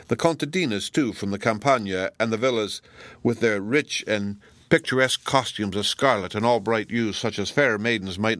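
Male narrator for a classic novel: low, measured, dry and close. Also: dry recording. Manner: measured, even reading. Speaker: audiobook narrator. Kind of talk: scripted narration.

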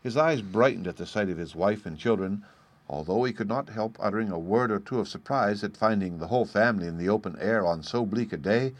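A man narrating a storybook in a steady, measured reading. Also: fairly low pitch.

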